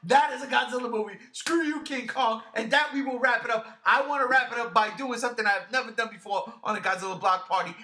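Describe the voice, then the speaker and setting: A high-pitched man hosts a casual podcast, talking in an emphatic, excitable way and swearing now and then. His voice is bright and forceful, and the room around him sounds echoey. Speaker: podcast host.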